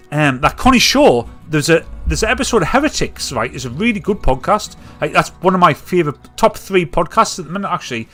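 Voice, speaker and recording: A man's voice: a little high, fairly bright tone. A man hosting a casual live-stream chat, rambling and swearing freely as he goes. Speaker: live show host.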